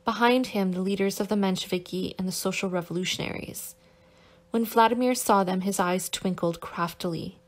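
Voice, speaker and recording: A woman narrates a novel in a steady, careful reading voice at a middle pitch. She now and then stops to correct a stumbled word. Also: moderate pace. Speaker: audiobook narrator.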